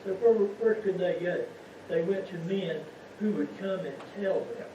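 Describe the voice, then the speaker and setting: A man with a high voice preaches a folksy sermon, asking the congregation one rhetorical question after another. He sounds distant and muffled. A long, heavy echo fills the church around him. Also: unhurried, noisy background. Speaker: lay preacher. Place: church sanctuary.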